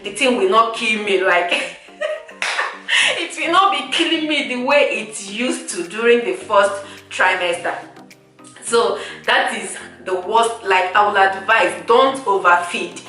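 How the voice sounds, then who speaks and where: A young woman, chatting casually to her viewers, animated and laughing often, repeating words for emphasis. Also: medium pitch. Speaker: vlogger. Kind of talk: casual chat to camera. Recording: roomy echo, far from the mic, faint music.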